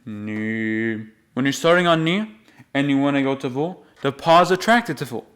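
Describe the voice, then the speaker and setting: A man giving a patient, step-by-step music lesson, explaining the rules and then slowly singing the note names. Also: mid-range voice, a bit bright. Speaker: music teacher.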